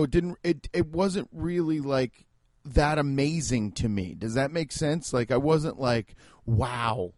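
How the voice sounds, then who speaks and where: A man's voice: on the high side, a little mellow, dry recording. A man from the Midwest, a podcast host and stand-up comedian, talking in a casual, rambling, sarcastic monologue full of swearing. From American Midwest.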